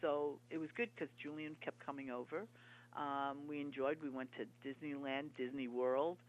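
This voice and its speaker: A woman interview guest and author, talking in an earnest, halting, reminiscing way. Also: very deep voice, fairly even intonation, a little hiss or hum. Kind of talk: conversational interview. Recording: dull lo-fi broadcast audio.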